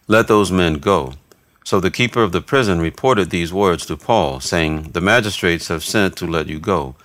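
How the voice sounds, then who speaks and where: A man giving a steady, measured reading of scripture, voicing narration and quoted speech alike. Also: sits low, no echo. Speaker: scripture reader.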